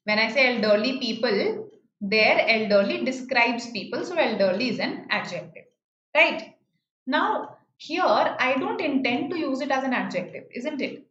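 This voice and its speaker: With lively intonation and a moderate pace, a teacher with an Indian English accent leads an online grammar lesson in a fairly high, fairly bright voice. She patiently goes over key phrases again and checks with "right?", heard through slightly muffled, roomy audio with faint hiss.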